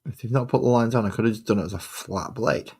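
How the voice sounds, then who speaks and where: A man's voice: fairly low pitch, quick pace, dark tone, slightly rough. A man streaming his miniature painting, chatting casually and muttering sarcastic asides to himself as he works. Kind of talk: casual chat while painting.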